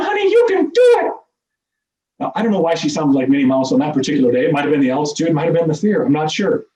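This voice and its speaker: Fast-talking middle-aged man in an echoey room. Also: on the high side. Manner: animated, self-deprecating humor. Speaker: speaker at a meeting. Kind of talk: personal storytelling speech. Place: meeting room. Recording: echoey, distant, dull room sound.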